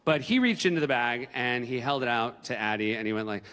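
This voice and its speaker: A man in his forties from New Hampshire doing animated stand-up comedy on a theater stage. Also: medium pitch, fairly quick. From New Hampshire, USA. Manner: animated, breaks into yelled impressions. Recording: stage mic in a reverberant hall.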